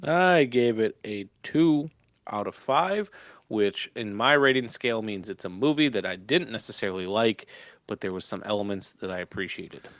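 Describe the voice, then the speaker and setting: Low-voiced man co-hosting a podcast. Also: normal speed, no echo, studio quality. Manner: relaxed, hesitant, with restarts. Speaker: podcast co-host. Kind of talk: casual chat.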